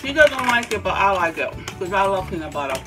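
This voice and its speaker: A woman's voice: medium pitch, very animated, fairly quick, recorded from a distance, over music. A middle-aged woman taste-testing snacks with her daughter, playful and enthusiastic, humming her approval. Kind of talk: casual taste-test chat.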